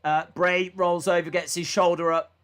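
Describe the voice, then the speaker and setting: Live on a watch-along stream, a young man narrates wrestling moves and reads chat messages in a casual way, leaning on "uh" fillers. His high voice has a level tone that is fairly bright, clear, and resonant, at normal speed.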